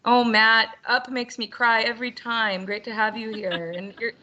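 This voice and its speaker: Bright, upbeat woman hosting a video call. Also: a little high, little pitch movement, moderate pace, lo-fi sound. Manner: upbeat and chatty, laughs often. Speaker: webinar host. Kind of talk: hosting an online teacher roundtable.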